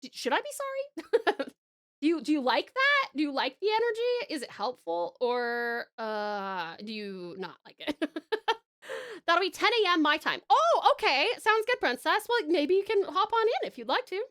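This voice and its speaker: Aussie lady streamer chatting w chat, bright voice, keeps restarting sentences. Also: high-pitched, sing-song, moderate pace. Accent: Australian. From Australia. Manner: chatty, laughs often, trails off and restarts. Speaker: streamer and voice actor. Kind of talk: casual chat reading viewer messages.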